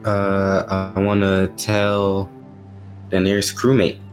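A man's voice: low voice, completely flat delivery, takes it slowly, soft background music. A young man playing a tabletop game, talking in a casual, playful way. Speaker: player.

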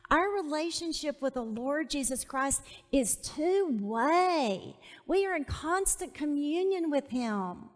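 Slow high-voiced woman preaching in a hall. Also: expressive. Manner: emphatic, repeats key phrases and asks listeners to repeat. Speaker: Bible teacher. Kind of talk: women's Bible study sermon. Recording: long hall reverb.

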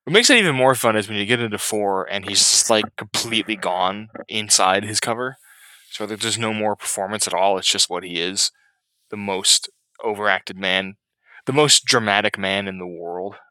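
A man's voice: on the low side, normal speed, bright, forceful tone, dry recording, low-quality recording. A man co-hosting a podcast, chatting casually and with enthusiasm. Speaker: podcast co-host. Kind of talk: casual chat.

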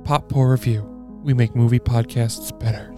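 A man's voice: mid-range voice, fairly even intonation, moderate pace. A man announcing a podcast intro in a grand, earnest promo voice-over style. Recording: voice over loud music.

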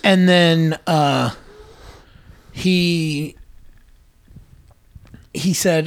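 Young man, casual podcast chat, excitable, profane, acts out quotes, slightly high voice. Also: unhurried. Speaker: podcast co-host. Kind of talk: casual chat retelling scenes.

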